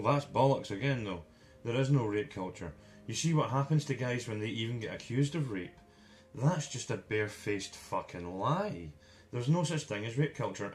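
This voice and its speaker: A man giving an angry, profanity-laden commentary as a vlogger, hurling insults. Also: medium pitch.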